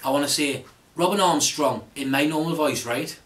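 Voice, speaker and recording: A man's voice: on the high side, normal speed. A young man with a Geordie accent chatting casually and playfully about his video intro, laughing often. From North East England. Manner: playful, giggly, loud bursts. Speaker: vlogger. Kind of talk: casual chat.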